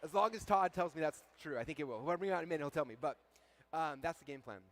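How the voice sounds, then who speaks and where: A man's voice: on the high side, very fast. A man giving a live keynote on stage to an event audience, telling a story and acting out the dialogue. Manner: energetic storyteller, acts out quoted dialogue. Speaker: keynote speaker.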